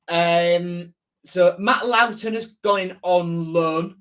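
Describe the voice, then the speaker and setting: A man's voice: high voice, takes it slowly, fairly bright tone. A man hosting a casual live-stream football match preview, chatting and reading out viewer comments as he answers them. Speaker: football fan channel host.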